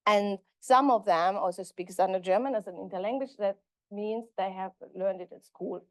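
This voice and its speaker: A woman professor giving an academic conference lecture, halting and correcting herself as she goes. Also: mid-range voice, no room sound. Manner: halting, self-correcting delivery. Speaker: linguistics professor.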